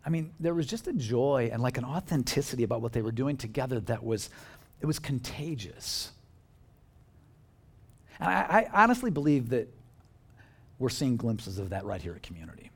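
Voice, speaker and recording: A man's voice: mid-range voice, moderate pace, gravelly, long pauses, husky. A male pastor giving a conversational sermon in a church, joking with the congregation and asking them questions. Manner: conversational and animated, jokes with the congregation.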